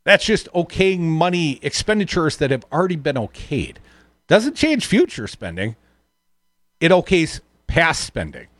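A man's voice: fairly high pitch, big pitch swings, measured pace, fairly bright tone, no room sound, studio quality. A man hosting a political talk radio show, reading news items aloud and adding sardonic asides. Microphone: studio microphone.

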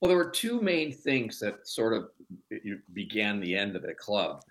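A man being interviewed on radio as a documentary producer, telling a long story at a steady, measured pace. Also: fairly low pitch, poor audio.

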